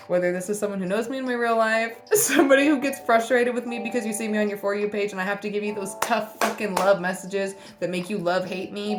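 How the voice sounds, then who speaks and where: A woman giving a casual spiritual reading to camera, blunt and teasing, swearing often as she delivers tough love. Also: medium pitch. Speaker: tarot reader.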